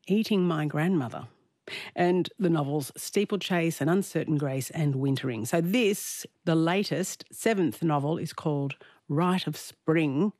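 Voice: medium pitch, a little mellow, no room sound. A radio book show host introducing a novel in a chatty, casual way. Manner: chatty, quick to giggle. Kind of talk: radio book review chat. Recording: dry studio sound.

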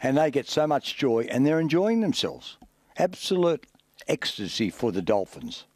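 A man trades rugby league stats and observations on radio, earnest and a bit halting. His voice sits in the middle range with a dry, close sound. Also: mid-range voice, big pitch swings, no echo. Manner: earnest, halting, stat-focused. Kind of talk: sports radio banter.

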